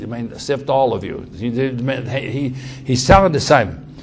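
A man preaching a sermon, reading scripture aloud and acting out the quotes with sudden swings in loudness and pace. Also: medium pitch, animated, measured pace, slight background noise. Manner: dramatic quoting of scripture, shifting loudness and pace.

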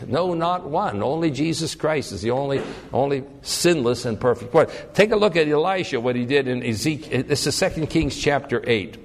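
A man preaching a sermon in an animated way. He swings between loud, high emphasis and low, quiet tones, and he often repeats and restarts words as he thinks aloud. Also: normal speed. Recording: long hall reverb.

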